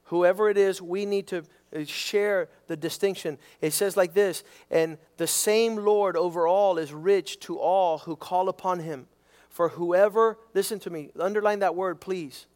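A man's voice: high voice, fairly even intonation, a little slow, a little mellow, clear, resonant tone. A man preaching a sermon as pastor, emphatic and repetitive, building to rising questions.

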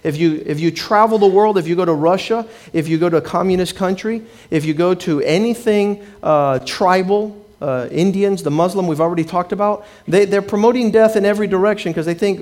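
High-voiced pastor telling stories. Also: male voice, brisk, few pauses, darkish tone. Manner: storytelling, acting out the people he quotes. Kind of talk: sermon.

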